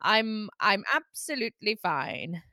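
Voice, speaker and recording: A woman co-hosting a podcast who tells animated, self-deprecating stories in casual chat. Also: mid-range voice, a little slow, no echo, studio quality. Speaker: podcast co-host.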